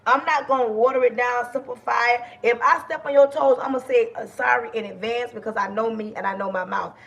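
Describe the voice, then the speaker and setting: Woman, middle-aged, livestream host, gravelly voice, loud, passionate, preachy. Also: fairly high pitch, fairly even intonation, fairly quick. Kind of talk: casual livestream talk to viewers.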